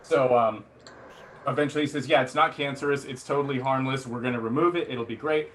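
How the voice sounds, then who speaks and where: A man's voice: mid-range voice, a little fast, fairly bright tone, slight background noise. A man doing stand-up comedy, telling a rambling, self-deprecating story full of fillers, restarts and acted-out quotes. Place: theatre stage before a laughing audience.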